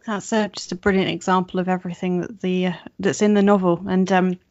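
A woman's voice: on the low side, little pitch movement, fairly quick, darkish tone. Woman hosting a book podcast. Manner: hesitant, filler-heavy. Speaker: podcast host and book blogger. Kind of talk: interview questions. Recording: dull, dry recording.

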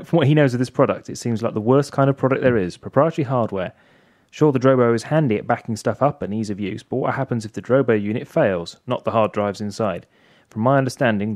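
A man's voice: medium pitch, fairly quick, a little mellow, dry recording, clean studio sound. A man co-hosting a podcast, reading listener emails in casual chat with joking asides. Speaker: podcast co-host.

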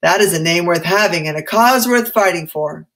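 A woman voicing a stern, forceful colonial patriot leader who speaks insistently and loudly. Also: fairly low pitch, normal speed.

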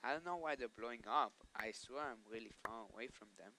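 A man's voice: medium pitch, fairly quick. Chatty man narrating his gameplay, noisy recording. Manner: chatty, scolds game monsters aloud. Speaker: let's play host. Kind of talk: casual gameplay commentary.

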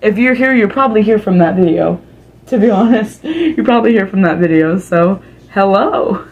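A woman co-hosting as the channel's editor in casual chat, excited and talkative, filling her speech with "like". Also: mid-range voice, moderate pace, breathy edge, lo-fi sound. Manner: excited, chatty, heavy use of "like". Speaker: video editor and co-host.

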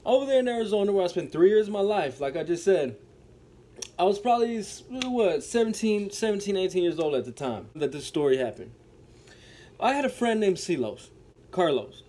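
A man's voice: sits high, animated, brisk, warm tone, a little hiss or hum. A man telling a story-time monologue to his viewers, dramatic and repetitive, who keeps calling them folks. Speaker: storytelling vlogger.

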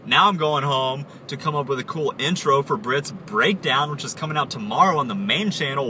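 A young man rambles and jokes in a put-on accent that wobbles between Aussie and British. He records on his phone while driving, so the voice sits a little away from the mic. Road and traffic noise stays clearly audible underneath. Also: medium pitch, animated, brisk, few pauses, pushed and bright, distant mic. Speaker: vlogger. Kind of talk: casual vlog. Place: inside a moving car. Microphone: phone held while driving.

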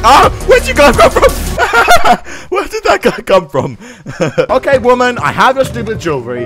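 A young man giving excitable gameplay commentary, yelling, laughing and reacting loudly. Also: on the high side, moderate pace. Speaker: gaming commentator. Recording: game music and sounds behind.

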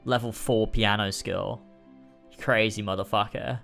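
Man, game streamer, excitable, swears, casual reactions, faint background music. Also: on the low side, unhurried, creaky. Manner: excitable, swears, laughs a lot.

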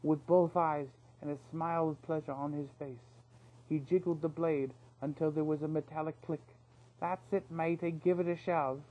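A man voicing a boastful, cheeky male mouse thief with a quick patter, for a read-aloud storybook. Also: on the high side, steady tone, lo-fi sound, natural voice. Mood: cheerful.

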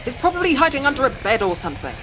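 A woman voicing a gruff male band member who growls and scoffs at the others. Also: high voice, very animated, rapid-fire, music in the background, voice pushed up. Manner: growling, dismissive.

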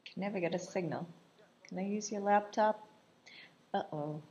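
A woman's voice: mid-range voice, moderate pace, darkish tone, muffled recording. A woman casually commenting while she watches a movie, laughing often in a chatty, irreverent way. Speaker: vlogger reacting to a film.

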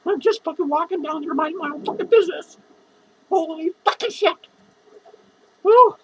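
Shrill sloshed clown dude, cussing nonstop and rambling with slurred words. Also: male voice, brisk, darkish tone, low-quality recording. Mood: drunk, rambling. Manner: slurred, rambling, swearing constantly, giggling. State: drunk. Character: drunk, foul-mouthed lonely male clown. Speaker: comedy character performer. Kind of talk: improvised comedy monologue.

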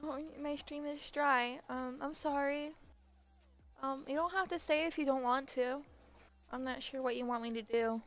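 Giggly high-voiced young woman streamer. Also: fairly even intonation, moderate pace, a bit bright, faint music behind. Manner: giggly, chatty, stumbles over words. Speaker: game streamer. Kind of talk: casual live-stream chat while gaming.

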